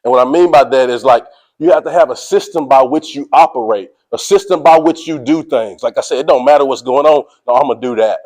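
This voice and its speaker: A man giving a motivational speech to a sports team, energetic and preachy, speaking in casual slang and calling out to his listeners. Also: mid-range voice, a little fast, few pauses, low-quality recording. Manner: casual slang, drawls "y'all".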